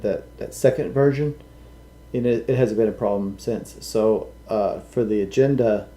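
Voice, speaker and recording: A man's voice: mid-range voice, warm tone. A man co-hosting a live stream in casual chat, who tells a dad joke with a straight face. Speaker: podcast co-host.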